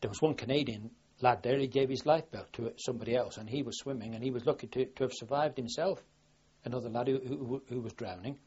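An older man from southwest England tells his story in a rambling, plain-spoken way, often restarting his sentences. His voice is very husky and rough, at an ordinary middle pitch. The sound is dull and muffled, like an old archive recording. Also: quick pace, darkish tone. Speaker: war veteran interviewee. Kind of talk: oral history recollection.

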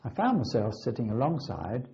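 An older man earnestly recounting his wartime flight training, with dramatic pauses. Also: medium pitch, sing-song, creaky, warm tone. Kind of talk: oral history recollection. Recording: slightly dull lo-fi recording.

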